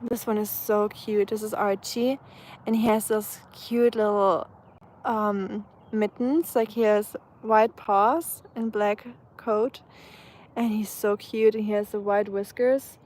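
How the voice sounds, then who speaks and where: A woman's voice: medium pitch, steady tone, slow pace, darkish tone. A woman from Germany with a German accent, casually chatting and answering viewers' comments on an outdoor live stream, with many fillers and restarts. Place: outdoors on a sunny day.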